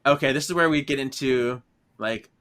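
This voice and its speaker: A man with a medium-pitched voice talks at a moderate pace while co-hosting a podcast. In casual chat, he recaps a book, laughing often and acting out the characters' lines in an animated way.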